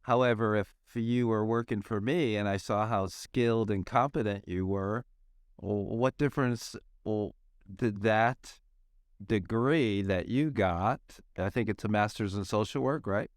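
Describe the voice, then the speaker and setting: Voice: medium pitch, a little slow, no echo, clean studio sound. A podcast host who gives short affirmations and asks careful, probing questions. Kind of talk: interview questions.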